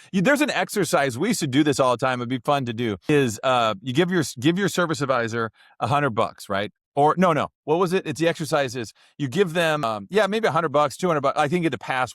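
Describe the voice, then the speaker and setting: A man's voice: mid-range voice, a bit bright, dry recording, clean studio sound. A man co-hosting a casual podcast chat, telling rambling stories and acting out what other people said. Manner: rambling storyteller, acts out quoted voices. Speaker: podcast co-host.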